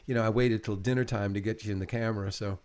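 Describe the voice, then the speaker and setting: A man's voice: lowish voice, fairly even intonation, quick pace, darkish tone. A middle-aged man in an intimate casual chat with his partner, rambling and repeating words, often emotional. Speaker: host interviewing his partner.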